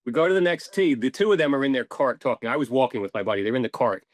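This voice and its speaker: Man, podcast guest, casual storytelling, animated, medium pitch, dry. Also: very fast, no echo. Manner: animated, swears casually, acts out quotes. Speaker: podcast guest, ball marker maker.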